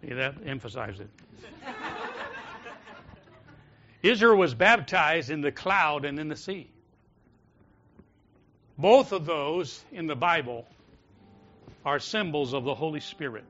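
A pastor preaching a sermon in a church, rising to loud calls and dropping to soft, prayerful tones. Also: male voice, a little high, lively intonation, takes it slowly, long pauses, dull audio, slight background noise. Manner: swings from loud exhortation to soft intimate prayer. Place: church sanctuary.

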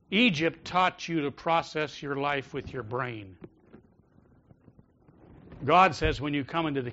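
A pastor preaching a sermon in a church, rising to loud calls and dropping to soft, prayerful tones. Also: male voice, medium pitch, dull audio, a little hiss or hum. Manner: swings from loud exhortation to soft intimate prayer. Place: church sanctuary.

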